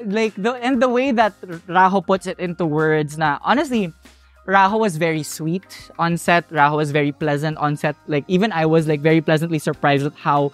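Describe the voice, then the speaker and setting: A young adult drag performer with a Filipino accent, co-hosting a casual podcast in English mixed with Filipino, animated and emotional. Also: female voice, sits low, normal speed, faint music behind. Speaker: podcast co-host and drag contestant.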